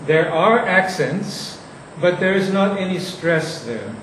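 A man teaches a class on reading verse aloud, his voice sitting a little high. He speaks slowly and deliberately, leaning hard on the stressed words. The recording is distant and very echoey, with faint noise behind. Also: expressive, a bit bright. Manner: slow, deliberate, recites lines with heavy emphasis. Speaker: poetry teacher. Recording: echoey room from far off.

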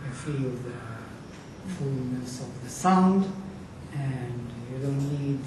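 A passionate male Sanskrit teacher with a medium-pitched voice chants verses slowly as part of a lecture featuring Vedic recitation. The recording is distant and echoey, with faint background noise.

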